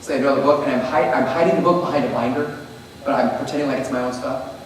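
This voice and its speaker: A man giving a lively, joking talk to teachers, acting out little scenes. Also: mid-range voice, fast talker, a little hiss or hum. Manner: animated, jokey, acts out scenes. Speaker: teacher presenter. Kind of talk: workshop presentation to teachers. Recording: echoey hall from far off.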